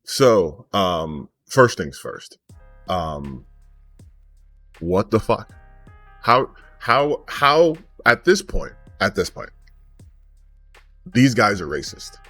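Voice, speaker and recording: A man's voice: fairly low pitch, very animated, very slow, pauses often, fairly bright tone, no room sound, faint music behind. A man giving a heated, profane commentary rant, angry and sarcastic. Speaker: gaming commentary YouTuber.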